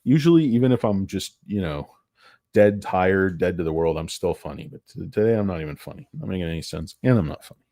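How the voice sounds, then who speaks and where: A middle-aged man hosting a rambling stock market stream, full of crude jokes, tangents and sudden loud bursts. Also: low voice, expressive, quick pace, no room sound, clean studio sound. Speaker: stock market livestream host. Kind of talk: rambling casual market commentary.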